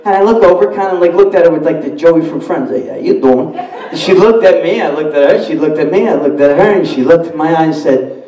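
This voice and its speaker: Party emcee guy, brash and animated, booming around an echoey banquet hall. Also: fast talker, far from the mic. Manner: animated, brash joking with crowd asides. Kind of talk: storytelling to a party crowd. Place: banquet hall at a dinner dance. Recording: echoey hall, mic from afar.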